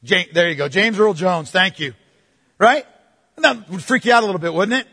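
A man preaching a sermon, moving between forceful proclamation and hushed, playful asides to the congregation. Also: sits high, lively intonation, normal speed, slightly rough, big-room sound. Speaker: pastor.

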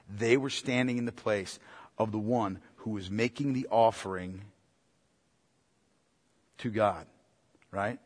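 A man's voice: medium pitch, husky. A man preaching a verse-by-verse sermon as a pastor, asking his listeners rhetorical questions and repeating his key points. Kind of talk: expository Bible sermon. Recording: long reverb of a hall.

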